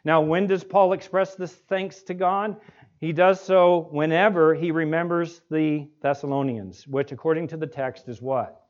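A male pastor preaching an expository sermon, asking the congregation rhetorical questions and slowing down to stress key words. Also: on the high side, fairly even intonation. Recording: dull lo-fi recording.

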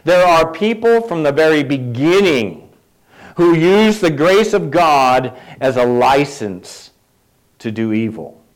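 A man's voice: on the high side, sing-song, slow pace, rough recording. A middle-aged man preaching a sermon in a conversational way, putting questions to the congregation and adding light asides. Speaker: pastor.

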